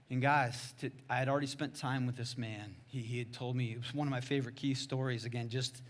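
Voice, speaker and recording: A male pastor telling a story in a sermon, in casual slangy talk that swings between loud exclaims and hushed asides. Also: mid-range voice, steady tone, fast talker, few pauses.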